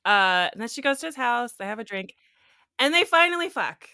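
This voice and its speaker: Woman co-host with a bright, dry sound; chatty and quick to laugh. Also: a little high, big pitch swings, clear, resonant tone, dry recording. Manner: chatty, laughs often, many fillers. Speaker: podcast co-host. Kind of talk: casual podcast chat.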